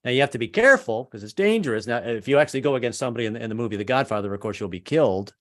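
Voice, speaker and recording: A man's voice: mid-range voice, animated, racing, a bit bright. A middle-aged man from New York doing a chatty stand-up set over a video call, with lots of stammered restarts. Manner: chatty, stammering restarts, puts on tough-guy voices. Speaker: stand-up comedian.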